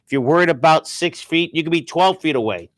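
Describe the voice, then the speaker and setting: A male host in a casual chat, playful and teasing, jumping in with quick remarks. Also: fairly high pitch, expressive, no echo.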